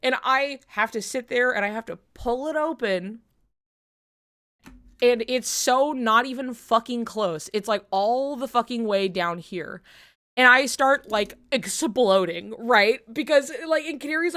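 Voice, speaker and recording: A woman's voice: high voice, moderate pace. A woman streamer telling a story in casual chat, swearing and laughing as she goes. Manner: animated storytelling, swears a lot, bursts into laughter.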